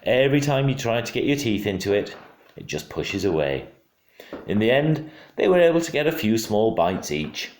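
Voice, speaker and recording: A father reading a storybook aloud at home, expressive and hushed in quiet moments. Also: on the low side, moderate pace, slight background noise. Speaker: father reading to his child. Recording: roomy home room.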